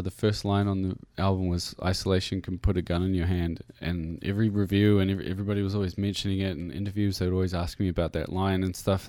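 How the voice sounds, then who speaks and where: Low-voiced New Zealand man, rambling. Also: mellow, no room sound. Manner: rambling, many fillers and restarts. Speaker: musician guest. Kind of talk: casual interview chat. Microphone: radio studio mic.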